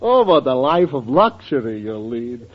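An actor playing a poor, melodramatic older professor in a 1940s radio sitcom, doting and drily sarcastic. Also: male voice, mid-range voice, very animated, a little slow. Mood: sardonic. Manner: theatrical, doting, dry sarcasm. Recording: dull old radio broadcast recording.

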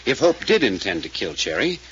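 A fast-talking radio detective. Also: male voice, fairly low pitch, very animated. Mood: probing. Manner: probing, businesslike. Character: brisk male detective questioning a witness. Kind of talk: 1940s radio acting. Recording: dull old radio recording, faint hiss.

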